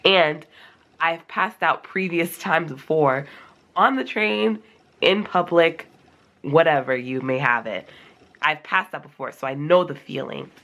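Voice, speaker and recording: Low, gravelly young woman telling a story. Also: measured pace. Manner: animated, acts out her own reactions in a high voice. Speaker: vlogger. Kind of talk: casual storytime monologue.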